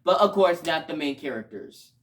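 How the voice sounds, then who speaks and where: A man giving a casual video review, talking emotionally and rambling, with sudden loud outbursts between quieter stretches. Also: on the high side, animated, moderate pace. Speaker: show reviewer.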